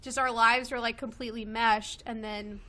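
Woman in her twenties from Kentucky, slightly high and bright, talking in a loose chatty way with plenty of fillers. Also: level tone, normal speed. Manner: chatty, many fillers and laughs. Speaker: guest. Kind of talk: casual chat. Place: home with a loud pet bird.

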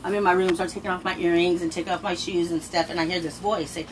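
A middle-aged woman casually telling a personal story, animated and swearing freely, her voice jumping up in pitch when she quotes people. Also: fast talker, hardly any pauses, distant mic, slight background noise, poor audio. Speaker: storyteller recounting a personal experience.

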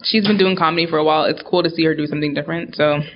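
A man with a high voice argues his movie picks with animated, emphatic confidence. His opinions come out strong. The recording sounds dull and lo-fi. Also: very fast. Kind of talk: casual movie awards chat.

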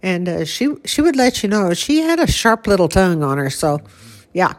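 A woman's voice: on the low side, very animated, normal speed. An older woman casually reminiscing about her late mother, laughing now and then as she talks. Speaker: grieving daughter recalling her mother. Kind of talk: casual conversation.

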